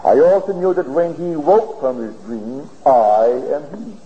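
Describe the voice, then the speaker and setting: A man giving a spiritual lecture, telling his story in an earnest, deliberate way, heard on an old archival tape. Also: on the high side, expressive. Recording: old archival lecture tape, dull and hissy, in a reverberant hall.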